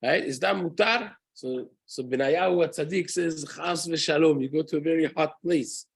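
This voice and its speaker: Husky-voiced rabbi teaching. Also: male voice, on the high side, moderate pace. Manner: earnest, rhetorical "right?" asides, sprinkled with Hebrew terms. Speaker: rabbi teaching a daily halacha class. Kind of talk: spoken Torah lesson.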